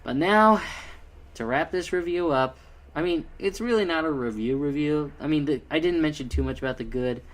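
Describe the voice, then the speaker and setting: A man's voice: fairly high pitch, moderate pace. A man giving a casual spoken review of a fan film, rambling and critical with many fillers.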